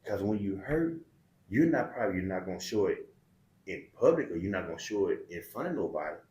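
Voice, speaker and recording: Man, middle-aged, podcast guest, heartfelt storytelling, colloquial, fairly low voice, echoey room. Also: very animated, fairly quick, a little mellow. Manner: candid, colloquial, emotional. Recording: roomy echo.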